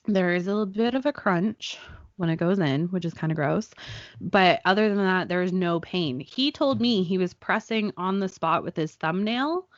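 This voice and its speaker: A podcast host in her thirties tells a story in casual chat, animated and acting out the people she quotes. Her voice is lowish and her pace moderate, and the audio is dull with no echo.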